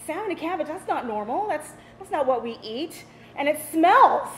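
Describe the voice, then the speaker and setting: A woman's voice: high-pitched, big pitch swings, moderate pace. A woman voicing a rude schoolkid who mocks a classmate's lunch bluntly, in an echoey room with audience noise. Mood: mocking.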